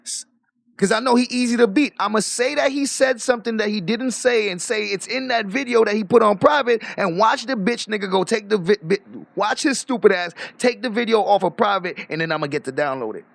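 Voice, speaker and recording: A man rants boastfully on a casual livestream, swearing freely and laughing often. His voice is high-pitched, creaky and fairly quick, with no room sound.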